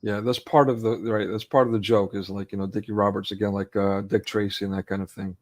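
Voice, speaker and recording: A man's voice: fairly low pitch, little pitch movement, fast, darkish tone. Earnest emotional man on a video call. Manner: earnest, emotionally charged, frequent restarts. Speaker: co-host. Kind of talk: casual online discussion.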